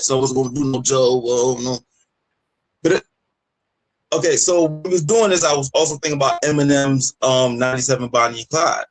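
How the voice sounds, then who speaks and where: A man co-hosting a music podcast in casual, profane, animated chat over a remote call. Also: medium pitch, a little fast, poor audio. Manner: animated, profane, laughs a lot. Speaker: podcast co-host.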